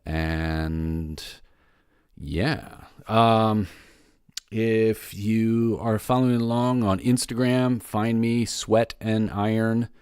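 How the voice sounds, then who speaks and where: Male podcast host, lowish voice, dry close sound, casual rambling solo update. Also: steady tone, drawn-out words, a little mellow, clear, resonant tone, no echo. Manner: loose and rambling, many fillers and restarts.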